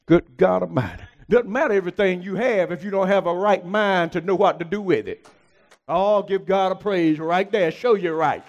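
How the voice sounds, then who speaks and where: A man preaching a sermon as pastor, climbing into high shouted peaks and calling out to the congregation. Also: moderate pace, lo-fi sound.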